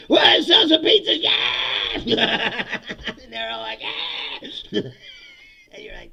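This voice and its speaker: An American man hosts a comedic political talk show, ranting casually, swearing, laughing often between lines, and acting out other people's voices. His mid-range voice has vocal fry and sounds pushed, bright, and slightly rough.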